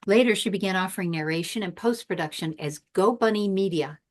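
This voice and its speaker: A woman's voice: medium pitch, fairly quick. A woman hosting a casual podcast over a video call, chatty and laughing at her own asides. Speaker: podcast host.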